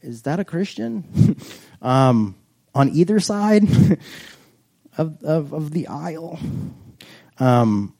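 A man preaching a casual, humorous sermon, chatty and self-joking, reading scripture slowly and deliberately. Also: on the high side, sing-song, gravelly, warm tone. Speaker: pastor.

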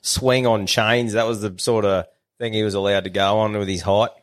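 A man's voice: lowish voice, level tone, moderate pace. An Australian man, a young adult podcast co-host, rambling through a swear-filled anecdote in casual chat.

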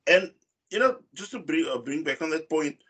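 Male co-host, casual match recap, filler-heavy, slightly raised pitch. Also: lively intonation, normal speed, a bit bright, husky. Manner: rambling, many fillers and restarts. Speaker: football podcast co-host. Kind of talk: casual football chat.

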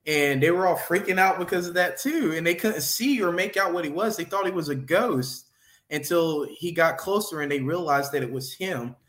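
An excitable man co-hosting a live stream, with a high voice for a man. He laughs easily and bursts into loud exclamations while chatting casually. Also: reverberant. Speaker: co-host of a faith reaction stream.

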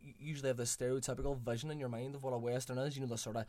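Fast-talking man. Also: medium pitch, little pitch movement, darkish tone. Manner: chatty, enthusiastic, swears casually. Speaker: podcast co-host reviewing films. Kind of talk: casual chat.

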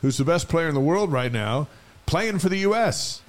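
A man co-hosting a casual sports chat in a relaxed way, reading out the day's notes and riffing with his partner. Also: a little high, moderate pace. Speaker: co-host.

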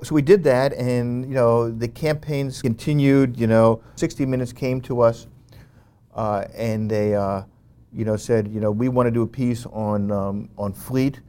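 Speaking at an unhurried pace in a mid-range voice, a male interview guest animatedly recounts a story. He keeps saying "you know" and often starts his sentences over.

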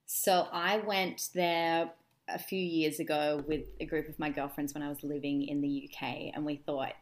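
Young woman on a chat podcast, lowish voice, animated storytelling with wry jokes. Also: moderate pace. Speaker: podcast co-host. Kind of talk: casual chat.

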